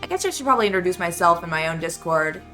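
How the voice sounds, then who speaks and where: A woman's voice: on the low side, lively intonation, racing, bright, forceful tone, soft background music. A young adult woman streaming a game, chatting casually and rambling with lots of fillers. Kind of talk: casual live-stream chat.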